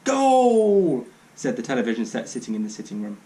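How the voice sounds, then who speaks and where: A man's voice: lowish voice, flat delivery, very fast, a little mellow, low-quality recording. A man reading a children's book aloud in a dry, wry narrating manner. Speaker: storyteller.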